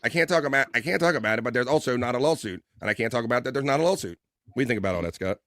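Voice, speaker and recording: A man's voice: mid-range voice, racing, dry recording, clean studio sound. Joking man hosting a livestream. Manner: loose, joking, reads chat aloud with bursts of excitement. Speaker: livestream host. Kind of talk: casual chat reading viewer comments.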